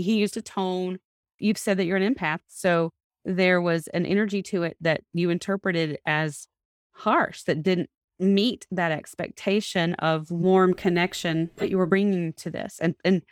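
A woman's voice: on the low side, no echo, clean studio sound. A woman hosting a podcast, coaching a couple step by step and repeating back what she hears from them. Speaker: couples therapist and podcast host.

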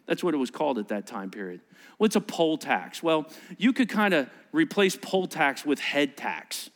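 A male pastor delivering a sermon, animated and joking, acting out little voices and sarcastic asides. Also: fairly high pitch, moderate pace.

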